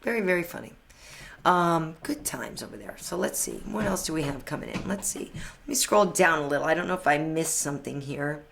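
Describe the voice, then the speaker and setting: This is a woman hosting a live chat with fans, reading and answering their questions as they come in. She sounds relaxed and talkative, with frequent laughs and trailing fillers, and her voice sits slightly low for a woman. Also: a little fast, gravelly, slight background noise. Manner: chatty and upbeat, laughs often, trails off with fillers. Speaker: host of a live fan chat.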